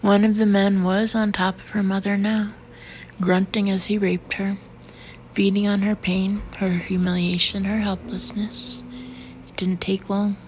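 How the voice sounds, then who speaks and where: A woman reading a thriller audiobook in a steady, even narration. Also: medium pitch. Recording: dull, slightly noisy recording.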